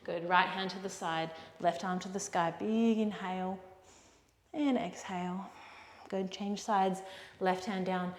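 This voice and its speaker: A woman leading a yoga class, giving gentle, encouraging cues for poses and breaths. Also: on the low side, level tone, measured pace, slight background noise. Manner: gentle encouraging cues, calls students "my friends" and "yogis". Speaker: yoga instructor. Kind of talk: guided yoga class instruction. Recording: echoey room with long reverb.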